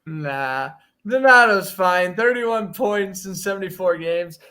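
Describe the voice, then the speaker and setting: A young man with a high-pitched voice co-hosts a casual hockey talk show. He is opinionated and jokey as he runs through player signings. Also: expressive, slow pace, bright, forceful tone. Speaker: podcast co-host. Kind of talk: casual sports chat.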